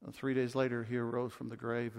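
A man in his twenties preaching a sermon as a pastor, impassioned and swinging from loud to hushed. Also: mid-range voice, level tone, brisk, gravelly. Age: 20s. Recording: long reverb of a large hall.

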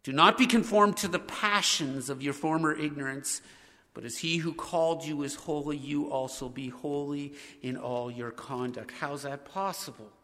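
A man's voice: fairly high pitch, moderate pace, sharp tone, long reverb tail. A man preaching a sermon as pastor, speaking earnestly as he reads scripture aloud and leads his congregation in prayer.

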